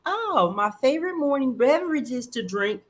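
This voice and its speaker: A guest with a bright, forceful timbre joins a casual interview over a video call. They tell stories in an animated way and slip into other people's voices when quoting them. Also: high-pitched, normal speed. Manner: animated storyteller who acts out quotes. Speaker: guest, sports superfan.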